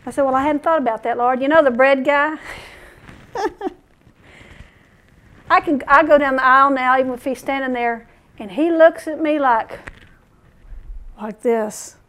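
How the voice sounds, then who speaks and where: High-voiced woman preaching a sermon. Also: a little slow, pauses often. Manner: animated storytelling, chuckling.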